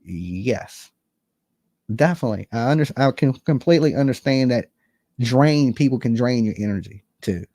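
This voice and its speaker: A man hosting a true crime channel chats bluntly and casually on a livestream, swearing plenty and reading chat comments aloud. His mid-range voice has lively intonation, a dark tone and a moderate pace. The sound is clean studio audio with no echo.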